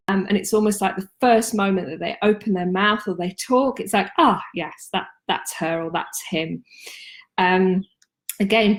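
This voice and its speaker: A woman, talking casually and practically about marketing tips on a live stream, with frequent ums. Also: mid-range voice. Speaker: marketing consultant and host.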